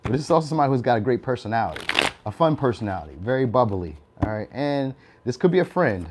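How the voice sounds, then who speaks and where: A man's voice: mid-range voice, very animated, fast talker, darkish tone, a little hiss or hum. Young male tarot reader with a mid-range voice. Loose, chatty delivery with frequent laughs. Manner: chatty, laughs often, tags lines with "all right?". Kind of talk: casual tarot reading.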